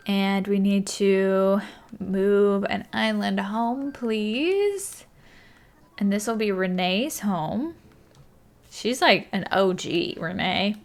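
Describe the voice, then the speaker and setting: A young woman giving casual let's-play commentary, thinking aloud, counting tiles under her breath and apologizing as she goes. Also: mid-range voice. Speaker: gaming YouTuber.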